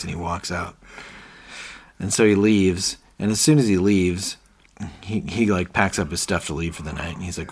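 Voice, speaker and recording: A man's voice: deep voice, moderate pace, husky. A man co-hosting a podcast, casually recapping a TV episode and animatedly quoting the characters. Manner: animated retelling, quoting characters with rising energy. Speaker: podcast co-host.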